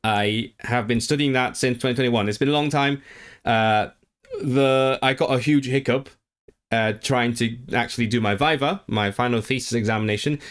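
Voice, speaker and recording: A man's voice: mid-range voice, moderate pace, fairly bright tone. A man in his thirties from Hong Kong, chatting casually on a livestream, reading viewers' messages aloud and rambling with many restarts. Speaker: livestream host.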